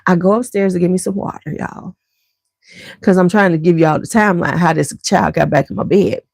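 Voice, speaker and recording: A middle-aged woman tells a rambling family story straight to her viewers in a loose, chatty way. Her voice sits fairly low with a gravelly edge. The sound is close and dry, with no room echo, from her home basement. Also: a little fast, a little mellow. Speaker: vlogger.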